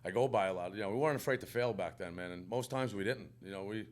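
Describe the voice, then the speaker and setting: Laid-back low-voiced New York man. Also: fast talker. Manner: laid-back, agreeable, says "man" a lot. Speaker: podcast guest, chef. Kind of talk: casual chat.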